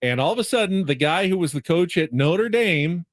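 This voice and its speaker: A man's voice: high-pitched, lively intonation, moderate pace, dry recording, clean studio sound. A male sports radio host in casual chat, easygoing as he sets up a story.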